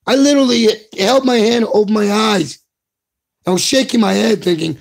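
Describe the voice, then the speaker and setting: Gravelly, high-voiced ranting man. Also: moderate pace. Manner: impassioned, profane, repetitive. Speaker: political commentator. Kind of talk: angry video rant.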